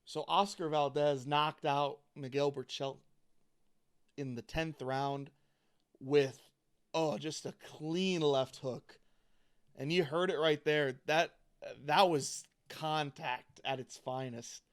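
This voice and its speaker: A man's voice: a little high, fairly even intonation, slow pace, clear, resonant tone. A man co-hosting a casual podcast in an upbeat manner, laughing easily and hyping up what he talks about. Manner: upbeat, laughing, hypes things up. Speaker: podcast co-host. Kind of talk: casual sports chat.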